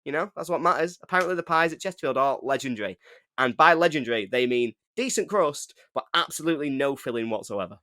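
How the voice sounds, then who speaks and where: A man's voice: medium pitch, expressive, fast, sharp tone, no echo, clean studio sound. An English man co-hosting a football podcast, chatting in a jokey way with mock-indignant rants. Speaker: podcast co-host. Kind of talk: casual chat.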